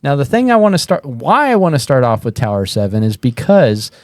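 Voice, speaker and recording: A man's voice: medium pitch, expressive, fairly quick, darkish tone, no room sound. Guy in his 30s hosting a podcast, rambly and laughy, dead dry mic. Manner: rambling, laughing, lots of fillers. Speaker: podcast co-host. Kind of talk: casual podcast chat.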